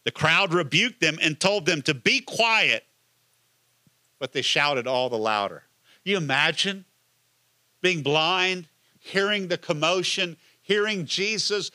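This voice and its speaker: A man's voice: a little high, very animated, a little slow, bright, forceful tone, no room sound. A man, a pastor, preaching a conversational sermon and asking the listeners many questions.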